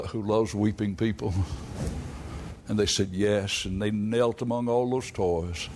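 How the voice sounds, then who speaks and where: An older man, a pastor, preaching a sermon with folksy storytelling and sudden high emphatic peaks. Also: a little mellow, a little hiss or hum.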